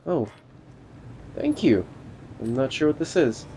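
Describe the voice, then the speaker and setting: A man's voice: mid-range voice, very animated, slow, long pauses, warm tone, a little hiss or hum. A young man giving casual, jokey game commentary, talking to the characters as a border inspector and swearing now and then. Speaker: gamer doing a let's play.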